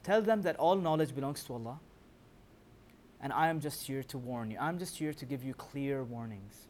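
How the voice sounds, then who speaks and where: A man teaching a Quran commentary class, quizzing his listeners with rhetorical questions and reciting verses in a quick chant. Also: mid-range voice, darkish tone, slight background noise. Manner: recites scripture in rapid chanting. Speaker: religious teacher.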